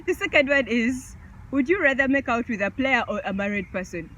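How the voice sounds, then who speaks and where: A woman's voice: fairly high pitch, expressive, slow, bright, forceful tone, a little hiss or hum. A woman vlogger chatting casually through a question game, laughing often.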